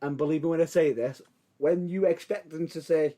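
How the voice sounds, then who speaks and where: An enthusiastic man with a fairly high-pitched voice, co-hosting a casual podcast. He rambles, doubles back and restarts his sentences as he gets excited. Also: a little fast. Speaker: podcast co-host. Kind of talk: casual chat.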